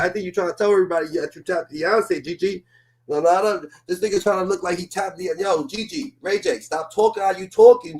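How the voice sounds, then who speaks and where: A man hosts a reaction commentary, ranting at a clip in a loud, profane stream. His voice sits high, and he keeps circling back to the same filler phrases. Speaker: commentary host.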